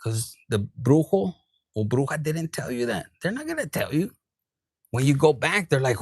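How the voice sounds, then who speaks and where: A man giving a collective tarot reading. He talks in a profane, animated way and drops into Spanish. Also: fairly high pitch, moderate pace, gravelly, breathy edge, no echo. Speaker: tarot reader.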